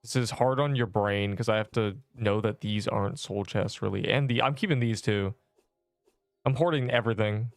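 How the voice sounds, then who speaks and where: A young male streamer talks casually over his game, slangy and jokey, sometimes yelling in mock panic. His voice is smooth and close, in a dry room with faint game music underneath. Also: on the low side, moderate pace, no room sound. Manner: joking, mock-dramatic outbursts, slangy. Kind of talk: casual livestream chat while gaming.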